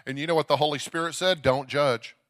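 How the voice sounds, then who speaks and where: A man from Dallas, Texas preaching an energetic Pentecostal sermon as a guest evangelist, calling out to the congregation and telling stories. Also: a little high, racing. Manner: exuberant, calls out to the crowd, storytelling. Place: church sanctuary.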